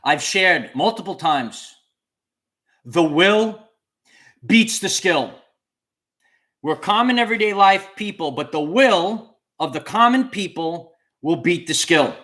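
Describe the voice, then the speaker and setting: A man speaks straight to his livestream audience, his voice sitting a little higher than most men's. He repeats his key phrases over and over with a preacher's earnest emphasis. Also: animated, slow pace, a bit bright. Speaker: channel host. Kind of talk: livestream talk to viewers.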